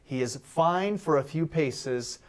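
A man delivers a short sermon as a talk-show guest. His voice sits a little high for a man, and he acts out the scripture scenes with lively humor. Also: slow pace. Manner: animated, acts out Bible voices and jokes. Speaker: guest pastor.

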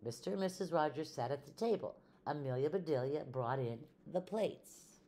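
Low-voiced older woman reading a storybook. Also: animated, moderate pace, warm tone. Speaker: retired teacher reading aloud. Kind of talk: children's storybook read-aloud.

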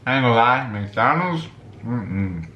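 A young man talks loosely in a bright, forward voice, full of slang and filler, while he eats at home. The room is echoey, and a faint hum sits behind him. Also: medium pitch, lively intonation, a little slow, lo-fi sound. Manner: laid-back slangy talk, full of "you know what I'm saying". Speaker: vlogger and musician. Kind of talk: casual mukbang chat while eating.

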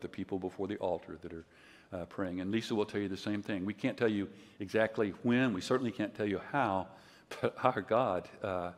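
An older man giving a conference sermon, telling stories in a conversational way and acting out quotes loudly. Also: on the low side. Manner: conversational storytelling, loud acted quotes. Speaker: preacher. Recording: long hall reverb.

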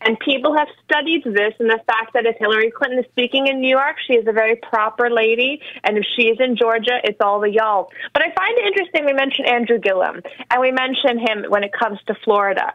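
A woman co-hosting a political talk radio show, giving steady, opinionated commentary. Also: on the high side, fast, few pauses, no echo, highs cut off. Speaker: radio co-host.

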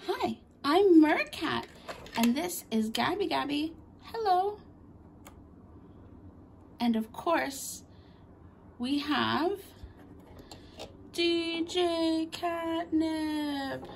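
A woman voicing a lively mermaid kitten girl in toy play storytelling, chirpy and eager. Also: very high-pitched, very slow, creaky, pauses often, a little hiss or hum, heavily acted. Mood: cheery.

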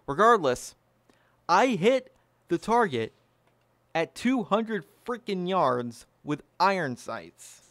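A man's voice: sits high, big pitch swings, slow, a bit bright, dry recording. A man hosting his own firearms channel, talking casually and bluntly to camera, swearing freely and pleased with himself. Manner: blunt, profane, self-satisfied.

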